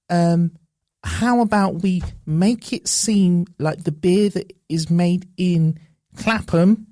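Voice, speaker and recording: A man's voice: high-pitched, darkish tone, no echo, studio quality. A man voicing a timid, eager young male office intern who stammers and hesitates.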